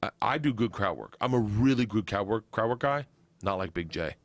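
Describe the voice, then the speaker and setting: Excitable, rambling comedian man. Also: on the low side, fairly quick, dry recording. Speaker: stand-up comedian, guest. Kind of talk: casual podcast chat.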